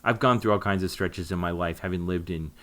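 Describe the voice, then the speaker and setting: Deep-voiced co-host, relaxed, dry jokes. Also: male voice, fairly quick. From Oklahoma, United States. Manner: relaxed storyteller, dry humor. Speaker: podcast co-host. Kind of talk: casual chat.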